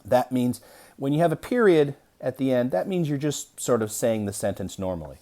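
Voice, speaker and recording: A young adult man teaching an early-grade reading lesson, reading aloud slowly and deliberately to young children. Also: mid-range voice, lively intonation, dark tone.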